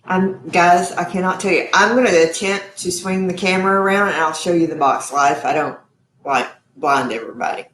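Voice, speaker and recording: A woman's voice: on the low side, brisk, fairly bright tone, reverberant, slight background noise. A woman hosting a live cooking stream from her home kitchen, chatty and effusive, calling her viewers y'all. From Texas. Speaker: cooking show host.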